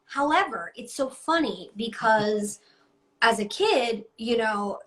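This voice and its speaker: A woman voicing a cheerful, matter-of-fact young girl with a lisp, speaking high and breezy a little away from the mic. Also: lively intonation, slow.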